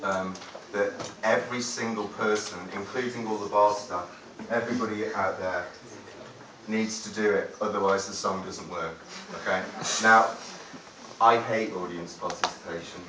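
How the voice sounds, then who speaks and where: A man's voice: lowish voice, steady tone, normal speed, background noise. A man, a singer-songwriter, chatting to the crowd between songs in a rambling, hesitant way, swearing freely, recorded live at a gig from an audience camera. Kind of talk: stage banter between songs. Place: live music venue. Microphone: far-off audience camera. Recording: echoey gig hall from far off.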